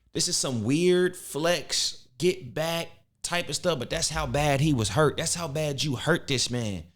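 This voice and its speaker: A man's voice: on the high side, fairly bright tone. A man hosting a reaction video, mocking and teasing in casual slangy commentary.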